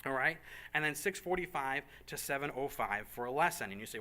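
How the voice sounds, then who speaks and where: This time the organizer's voice is medium in pitch, expressive and sharp-toned as he briefs volunteers about a church program. The meeting-room talk, with a group present, is casual and full of jokes. He keeps it upbeat with rapid asides and repetition.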